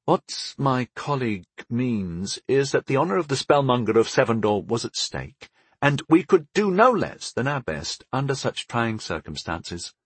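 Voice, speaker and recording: A man's voice: medium pitch, sing-song, husky, no room sound. A man voicing a diplomatic young apprentice. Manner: measured, diplomatic. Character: diplomatic young male apprentice, smooth-talking.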